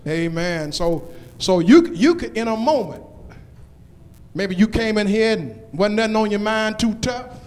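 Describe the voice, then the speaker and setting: A man preaching a sermon in a church, with call-and-response lines that build to shouted climaxes. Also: high voice, normal speed. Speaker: pastor. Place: church sanctuary. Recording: long church reverb.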